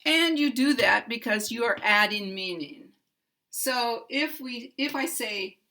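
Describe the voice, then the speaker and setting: Woman, American accent, English pronunciation teacher, slow deliberate pace, bright tone, models example sentences. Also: a little high. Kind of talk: slow, clear instructional explanation.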